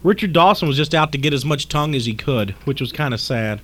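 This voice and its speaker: A man co-hosting a late-night radio talk show, his voice pitched a little high. He rambles through jokes and mocking asides in loose studio banter. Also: lively intonation, fast, a bit bright.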